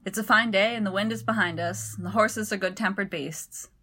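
A woman reading as a chipper male coachman, hearty and plain-spoken. The voice stays bright in a storybook reading. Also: sits high, fairly even intonation, brisk. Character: cheerful male coachman servant.

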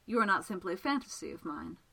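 A woman's voice: fairly low pitch, animated, quick pace, gravelly, bright, forceful tone, exaggerated voice, rough recording. A woman reading the part of a shy, formal male magician in a story, speaking earnestly and a little hesitantly. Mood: uncertain. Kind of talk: audiobook character reading.

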